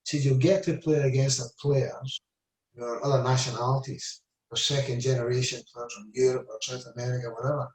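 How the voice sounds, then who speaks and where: A Scottish former footballer in his seventies tells rambling stories in a casual interview, full of "I said" and "you know". His voice is medium-pitched, level, and darkish, and he talks a little fast. The mic sits at a distance in an echoey room.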